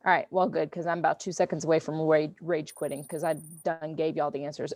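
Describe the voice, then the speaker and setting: A woman teacher, running a review game for her online class in a playful, teasing, animated way. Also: low-pitched, quick pace, hardly any pauses, no room sound. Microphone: computer mic on video call.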